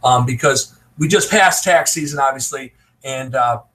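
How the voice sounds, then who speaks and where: A man's voice: mid-range voice, moderate pace, sharp tone, rough recording. An American man in a live video call, giving emphatic, laughing advice in casual chat. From United States. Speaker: online business promoter.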